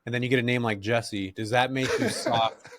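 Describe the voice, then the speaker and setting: A middle-aged man from California, a podcast guest who tells stories in a relaxed, slangy way and laughs often. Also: mid-range voice, moderate pace, background noise. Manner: laid-back, slangy, animated, laughs often. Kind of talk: casual interview storytelling.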